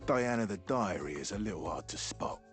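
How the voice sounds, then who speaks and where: Male actor as a video game's chatty talking door: deep voice, jokey, courteous, over soft game music. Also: animated, fairly quick, close to an everyday voice. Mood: jovial. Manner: jokey, polite, theatrical.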